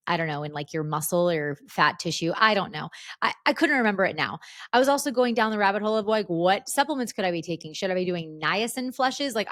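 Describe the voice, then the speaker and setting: Low-pitched woman telling a story, dry sound. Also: no room sound. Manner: animated, breathless retelling with many restarts. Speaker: podcast host. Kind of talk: casual storytelling monologue.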